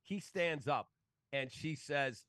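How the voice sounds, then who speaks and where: A man's voice: fairly high pitch, takes it slowly, no room sound. A man, a sports broadcaster telling stories in casual talk and acting out the voices of the people in them. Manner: animated, acts out quoted voices. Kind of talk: casual storytelling.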